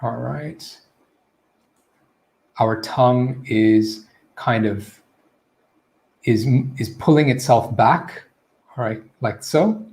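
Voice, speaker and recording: A man's voice: medium pitch, extremely slow, vocal fry, long pauses, darkish tone. A man teaching pronunciation in a live online Q&A lesson, modeling vowel sounds and checking in often with "okay?" and "right?".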